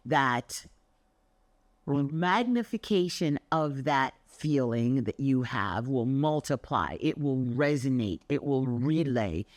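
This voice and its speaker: A woman's voice: very deep voice, no room sound. Emphatic older woman, Pilates coach. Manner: emphatic and expressive, acts out anecdotes. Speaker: Pilates instructor. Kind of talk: motivational monologue.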